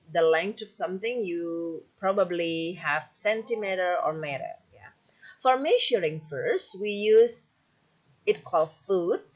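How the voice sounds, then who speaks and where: A woman's voice: on the low side, lo-fi sound. A woman teacher with an Indonesian accent, whose first language is Indonesian, explaining poetry patiently and tagging her sentences with "yeah". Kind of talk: recorded lecture on poetry.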